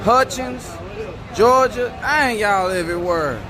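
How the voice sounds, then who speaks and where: A man hosting a racing channel at an outdoor drag strip, chatting casually and excitedly as he reads out viewer shoutouts. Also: sits high, takes it slowly, a crowd in the background. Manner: loose, excited hype talk, rattling off viewer locations. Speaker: racing channel host filming trackside. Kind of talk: casual livestream-style shoutouts.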